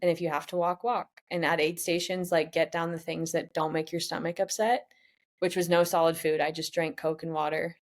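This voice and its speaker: Her voice is deep, her tone level, her pace brisk. A twentysomething pro triathlete, she chats openly in a podcast interview, retelling a grueling race and slipping in quotes from herself and other people.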